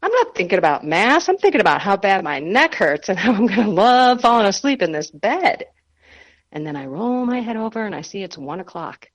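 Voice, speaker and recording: Animated woman telling her story. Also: mid-range voice, fairly quick. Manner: animated, self-deprecating storyteller. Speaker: guest author. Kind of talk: personal testimony in radio interview.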